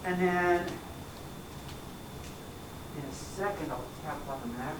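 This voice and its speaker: A man's voice: on the high side, slow, background noise. A man teaching a recorded math lesson in a casual way, often checking in with "right?" and "okay?".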